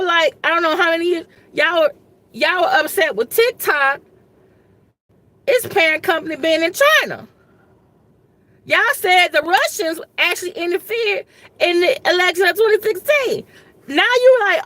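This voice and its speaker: A woman's voice: sits high, normal speed, fairly bright tone, dry recording. A woman who teaches history and government, giving casual political commentary straight to her viewers in a rambling, exasperated way, saying "y'all" often. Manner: colloquial, says "y'all".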